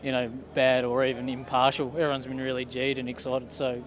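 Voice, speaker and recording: A man's voice: mid-range voice, completely flat delivery, a little fast. Thoughtful young-sounding cyclist, man. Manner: thoughtful, wordy, casual. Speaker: pro cyclist. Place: outdoors at a bike race.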